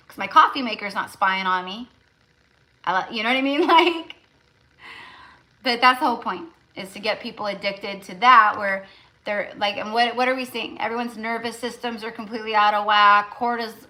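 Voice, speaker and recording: A woman's voice: medium pitch, bright, forceful tone, rough recording. A woman tarot reader hosting a casual live stream, talking emphatically with lots of repetition and fillers.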